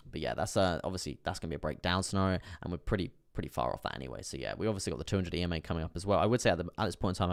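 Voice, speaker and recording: A man's voice: low-pitched, clear, resonant tone, no echo, clean studio sound. A man hosting a live stream, casually talking through charts, repeating himself and reassuring his viewers. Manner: repetitive, reassuring, chatting with viewers. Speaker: crypto live stream host.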